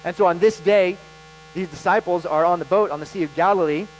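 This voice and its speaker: A man preaching a sermon as pastor, animated and emphatic, with dramatic pauses. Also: high-pitched, soft background music, rough recording.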